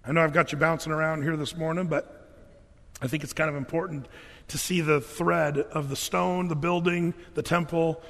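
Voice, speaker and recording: A high-voiced man preaching in a church, where long hall reverb trails his words. He reads scripture aloud and then talks it through in a relaxed, folksy way, stopping to restart his sentences. He sounds like a pastor chatting with his congregation. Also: moderate pace. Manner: conversational, folksy, with many fillers and restarts. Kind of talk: sermon.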